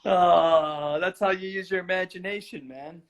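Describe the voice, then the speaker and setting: A man's voice: sits high, unhurried. A middle-aged man hosting a livestream from home, chatting casually and laughing a lot as he jokes. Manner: animated, laughing, joking. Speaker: livestream host. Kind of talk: casual chat. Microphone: phone on a video livestream.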